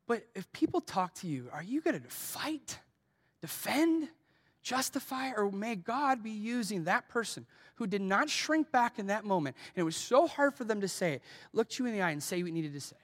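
Lively, earnest male pastor preaching. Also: high-pitched, normal speed. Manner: earnest, asks the congregation direct questions; tells personal stories. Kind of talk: sermon.

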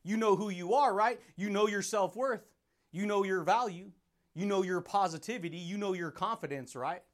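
A man's voice: high-pitched, moderate pace. A man hosting a motivational podcast, talking in a hyped, laughing monologue that keeps calling the listener dude, buddy and baby.

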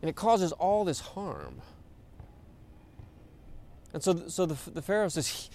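A man's voice: fairly high pitch, very animated, slow, gravelly, long pauses, a little mellow. A man, a pastor, preaching a sermon in a conversational, informal way, with many fillers and repeated words.

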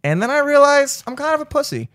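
A man's voice: extremely high pitch, fast talker. A man from the Baltimore area hosting a podcast, telling stories in loose, profane casual chat full of "like" and "dude". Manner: profane, animated storytelling with many fillers. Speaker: podcast host.

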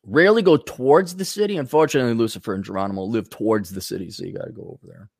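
A man's voice: fairly low pitch, very fast, vocal fry, darkish tone, husky, dry recording, clean studio sound. A man hosting a podcast, ranting with profanity and sarcasm and reading out viewer donations. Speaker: podcast host.

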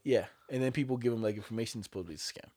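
A young man telling a story in casual chat, animated and swearing, acting out the voices of the people in it. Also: medium pitch, rapid-fire, slightly rough, dry recording, clean studio sound.

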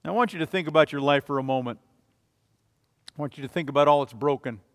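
Man preaching, high voice, emphatic, loud then soft, long hall reverb. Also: fast talker. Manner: emphatic, rising and falling in volume. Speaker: pastor. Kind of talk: sermon.

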